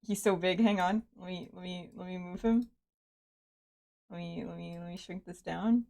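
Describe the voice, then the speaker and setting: A woman's voice: fairly low pitch, fairly even intonation, normal speed, creaky, a little mellow. A woman streaming a story game from her home computer, chatting casually, laughing often and swearing freely. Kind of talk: casual live-stream commentary.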